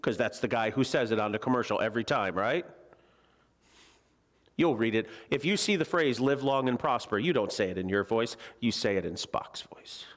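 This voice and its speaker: Fairly low-pitched and a bit bright, this preacher's voice is animated and moves at a moderate pace. He teaches a Bible lesson in a church sanctuary, making it a chatty, joking, conversational sermon and often quizzing the congregation.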